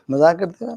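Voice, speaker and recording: A man teaching a grammar lesson in a classroom, animated and joking with his students. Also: high-pitched, creaky, background noise. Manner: animated, joking with students, mixes in Hindi phrases.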